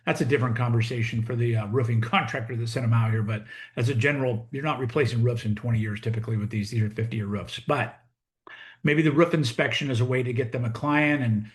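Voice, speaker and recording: A man's voice: medium pitch, fast. Middle-aged American male coach, storytelling monologue, voices both sides of a chat. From United States. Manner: animated, acts out both sides of a conversation. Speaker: real estate coach.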